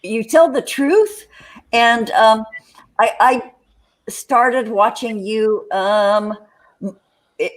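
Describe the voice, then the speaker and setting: An older woman hosting a casual live chat on a video call, rambling with lots of fillers. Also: mid-range voice. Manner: rambling, many fillers and restarts. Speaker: host.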